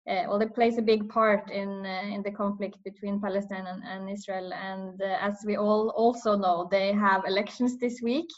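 A woman asking an interview guest questions, hesitant and restarting her sentences. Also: mid-range voice. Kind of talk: online panel interview. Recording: dull lo-fi sound.

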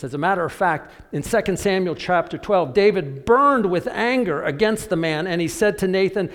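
A man preaching a sermon, telling a story and acting out the voices of biblical figures, with sudden drops to a quiet voice. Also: on the high side, animated, measured pace, long reverb tail. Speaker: pastor.

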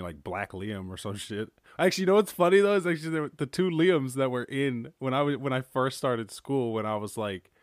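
Irish male podcast host, low-pitched, loose rambling delivery, dry close sound. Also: no room sound. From Ireland. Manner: rambling storyteller, heavy filler words. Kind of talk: casual solo podcast chat.

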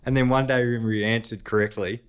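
A man with an Australian accent, a podcast guest telling lively anecdotes in casual conversation, laughing often. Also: mid-range voice, fast, clear, resonant tone. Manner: animated anecdotes punctuated by laughter. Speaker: podcast guest, former footballer.

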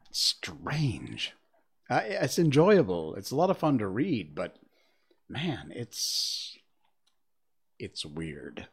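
Male streamer, chatty and animated, reads storybook aloud, lively pitch. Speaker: livestream host and reader. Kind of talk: casual storybook reading on a livestream.

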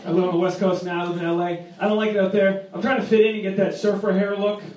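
A man in his late twenties from Rhode Island doing a stand-up set, telling wry stories and jumping up loud for punchlines. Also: sits high, little pitch movement, a little hiss or hum. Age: 20s. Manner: wry, quick storytelling punctuated by jumps into loud punchlines. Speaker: stand-up comedian. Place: comedy club stage. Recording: echoey club recorded from a distance, audience laughter.

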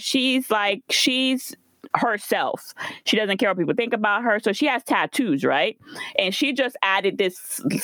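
A woman's voice: mid-range voice, dry recording. A woman telling a painful family story in a casual conversation. She talks candidly and emotionally, close to tears, and cusses freely. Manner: candid and emotional, with frequent cussing and "like". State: near tears.

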